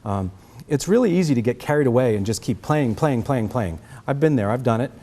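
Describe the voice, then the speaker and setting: A man's voice: medium pitch, lively intonation, fast talker, mellow. A middle-aged man with a Boston accent giving a trumpet master class, answering students' questions and checking in with "okay?".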